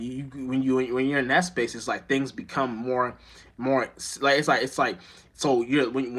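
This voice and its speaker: A man talks straight to his viewers in a loose, rambling monologue, his voice sitting at an ordinary middle pitch. He curses freely, trips over words and starts sentences again and again. He keeps checking in with his audience as he drifts from thought to thought. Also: fairly bright tone, breathy edge. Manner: rambling, profane, stumbles and restarts often; keeps asking "you know what I'm saying". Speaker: streamer.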